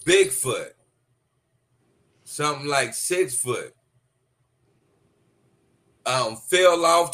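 A man co-hosting a podcast, chatting casually with profanity and animated storytelling full of stumbles and restarts. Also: a little high, drawn-out words, pauses often, a little hiss or hum. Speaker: podcast co-host. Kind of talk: casual chat.

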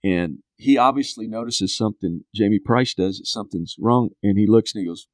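A man's voice: lowish voice, brisk, few pauses, dry recording, clean studio sound. A man in his fifties, a podcast guest, casually telling a long story and acting out other people's lines. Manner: animated storyteller who acts out quotes.

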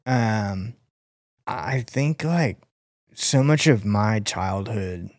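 A man's voice: fairly low pitch, expressive, extremely slow, a little mellow, dry recording, clean studio sound. A young man co-hosting a podcast in casual chat, laid-back, often giving short agreeing replies. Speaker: podcast co-host.

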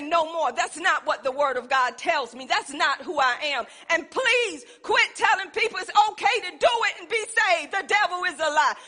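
High-voiced woman preaching. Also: sharp tone. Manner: emphatic call-and-response preaching. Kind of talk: sermon. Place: church sanctuary. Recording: long reverb in a church hall.

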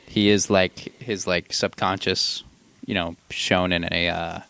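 A man co-hosting a casual film review, relaxed and agreeable, often trailing off softly mid-thought. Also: low-pitched, a little slow, creaky, clear, resonant tone. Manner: laid-back, agreeable, trails off into murmurs. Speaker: podcast co-host.

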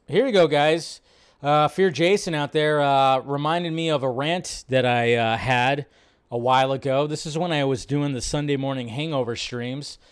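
A man's voice: mid-range voice, normal speed, clean tone. A man hosting a casual live stream, rambling about movies, swearing freely, reacting to chat and laughing often.

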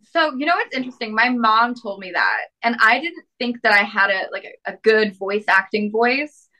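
A woman's voice: fairly high pitch, expressive, normal speed, sharp tone, rough recording. A young woman with a lisp, chatting upbeat as a podcast guest with many fillers. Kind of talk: casual interview chat.

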